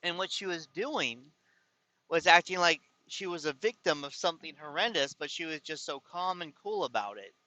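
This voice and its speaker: A man's voice: fairly high pitch, lively intonation, moderate pace, pushed and bright, dry recording, rough recording. A man telling a personal story to his viewers in a casual, rambling way, often exasperated and restarting his sentences. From California. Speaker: vlogger.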